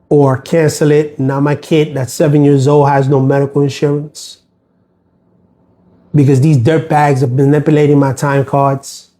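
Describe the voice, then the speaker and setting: A man's voice: mid-range voice, dark tone. Aggrieved man rambling on a livestream. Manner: aggrieved, rambling, many fillers and restarts. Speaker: postal worker livestreaming. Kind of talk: casual livestream monologue.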